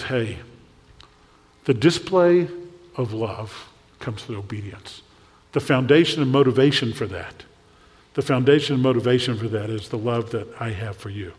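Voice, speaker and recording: A man's voice: mid-range voice, darkish tone. A man preaching a sermon as pastor, conversational and asking his congregation questions. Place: church. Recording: long hall reverb.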